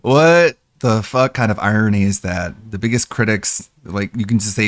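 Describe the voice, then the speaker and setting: A man's voice: on the low side, normal speed, hardly any pauses, no room sound, clean studio sound. A young man streaming, giving blunt, scornful commentary and swearing freely.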